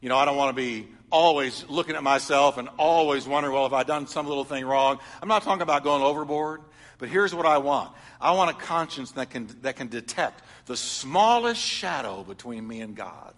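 A middle-aged man preaching a sermon, telling stories and swinging from loud emphatic lines to soft confiding ones. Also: medium pitch, animated, brisk, long reverb tail. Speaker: pastor.

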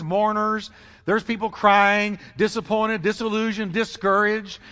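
Male pastor preaching, high and bright, dramatic swings and repetition, hall reverb. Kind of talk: sermon. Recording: long reverb of a large hall.

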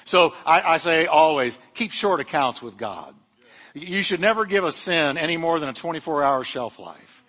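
A man's voice: on the high side, expressive, moderate pace, fairly bright tone. Man preaching in an echoing church. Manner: fervent preaching with humorous asides. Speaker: pastor. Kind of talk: sermon. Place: church sanctuary.

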